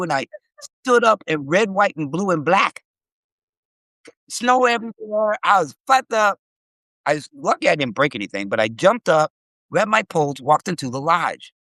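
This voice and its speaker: A man's voice: fairly high pitch, vocal fry, no echo. A middle-aged man telling stories in casual chat, swearing freely and acting out the voices of people in them. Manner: animated, profane storyteller acting out quotes. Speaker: live stream host.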